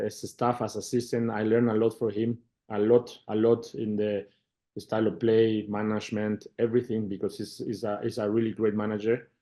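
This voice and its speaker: A middle-aged man with a Mexican Spanish accent, a football manager answering interview questions in halting English, repeating words and getting animated when he retells conversations. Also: mid-range voice.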